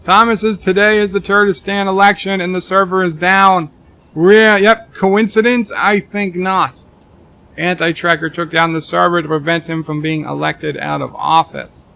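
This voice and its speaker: A man streaming a game live, reading viewer comments aloud and answering them with deadpan jokes and rambling asides. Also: high voice, normal speed, gravelly, clean tone. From Texas. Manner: rambling asides with many restarts. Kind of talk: live-stream chat reading while gaming.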